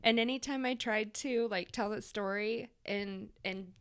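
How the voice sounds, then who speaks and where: A woman's voice: mid-range voice, unhurried, fairly bright tone, slight background noise. A woman guest on a podcast, a chatty storyteller who laughs easily. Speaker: podcast guest, merch designer. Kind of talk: casual chat.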